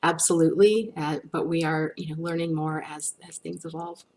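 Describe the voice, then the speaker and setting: A woman's voice: low-pitched, fairly even intonation, moderate pace, a little mellow, slight background noise. A woman speaking as a research guest in a webinar, answering questions with frequent fillers and restarts. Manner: hesitant, many restarts and fillers.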